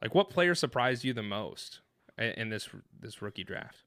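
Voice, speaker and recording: A man co-hosting a podcast, retelling an experience in an excited, rambling way, full of restarts and fillers. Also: lowish voice, normal speed, dry recording, clean studio sound. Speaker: podcast co-host. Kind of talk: animated storytelling in casual chat.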